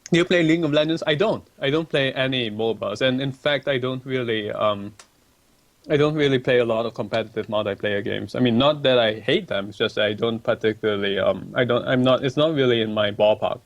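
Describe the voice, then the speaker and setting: A polite, laid-back man talks his way through a livestream chat at a middling pitch. He answers questions casually, often hesitating with ums and restarting his sentences. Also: a little fast. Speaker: livestream guest reading chat.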